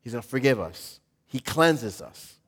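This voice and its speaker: A male pastor giving a casual, humorous sermon with dramatic swings between loud and soft. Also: medium pitch, sing-song, unhurried, slightly rough.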